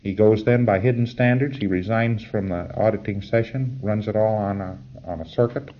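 A man's voice: lowish voice, moderate pace, highs cut off, slight background noise. A man giving an informal, rambling spoken lecture in a conversational way. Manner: rambling, conversational, chuckles at his own asides.

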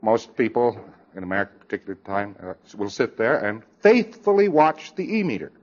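A man's voice: fairly low pitch, sing-song, brisk, a little mellow, dull audio. Emphatic man lecturing on old tape. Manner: emphatic, with wry sarcastic asides. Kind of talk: lecture to a congress audience.

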